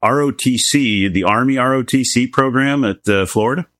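A man hosting an interview, asking relaxed, short questions that prompt his guest. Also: medium pitch, normal speed, no echo, studio quality. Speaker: host, interviewer.

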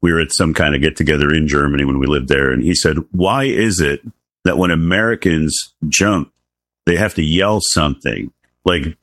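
A middle-aged man hosting a casual interview, asking questions in a relaxed and friendly way. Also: a bass voice, moderate pace, no room sound, clean studio sound. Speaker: host.

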